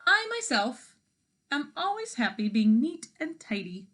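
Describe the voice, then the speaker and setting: A woman doing a shrill bossy hen. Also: sing-song, measured pace, fairly bright tone, exaggerated voice. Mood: fussy. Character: fussy bossy hen, female, small.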